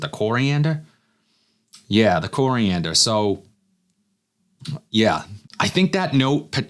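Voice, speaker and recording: Low-voiced man reviewing fragrances casually. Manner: relaxed, thinking aloud while smelling. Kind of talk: casual first-impressions review.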